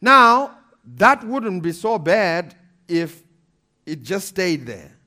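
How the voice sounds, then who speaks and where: A pastor preaching a sermon, animated and emphatic, repeating scripture references and laughing between points. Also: male voice, high-pitched, takes it slowly.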